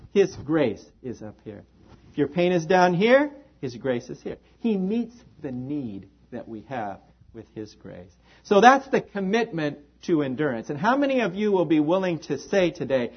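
A man's voice: slightly rough, highs cut off. A man preaching a sermon to his congregation, dramatic in delivery, speaking to the people in front of him. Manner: dramatic preaching with wide swings in pitch and volume, addresses congregation directly. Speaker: pastor.

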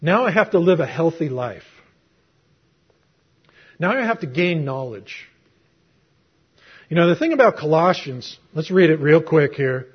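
On a muffled lo-fi recording, a middle-aged man preaches a sermon built around a personal story, told conversationally with rhetorical questions. His slightly rough voice is on the high side, with lively intonation, a measured pace and long pauses.

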